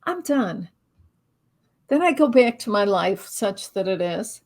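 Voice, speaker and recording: Speaking at a medium pitch and normal speed, this middle-aged spiritual teacher and author is an interview guest. She spins a lively story at her own expense and performs her inner thoughts aloud.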